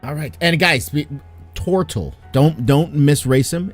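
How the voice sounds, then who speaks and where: A man hosting and running a tabletop game stream, energetic and joking, laughing often. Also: a little high, measured pace, faint music behind. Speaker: game master.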